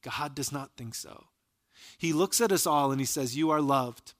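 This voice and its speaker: A man preaching a sermon as a pastor, retelling scripture stories in an earnest voice and dropping soft and low for quoted lines. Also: animated, normal speed.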